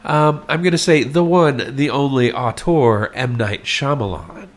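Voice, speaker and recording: A man's voice: mid-range voice, unhurried. A man co-hosting a casual book podcast, easygoing as he explains plot points and drops dry jokes. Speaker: podcast co-host.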